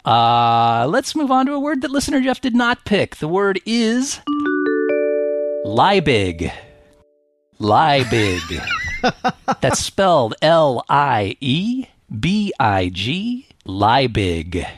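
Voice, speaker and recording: A man's voice: fairly high pitch, wildly swooping pitch, slow pace, faint music behind. A man hosting a comedic podcast word game, joking and laughing often. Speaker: game show host.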